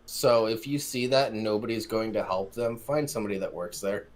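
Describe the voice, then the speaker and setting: Low-voiced laid-back podcast man. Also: brisk. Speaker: podcast co-host. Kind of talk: casual chat.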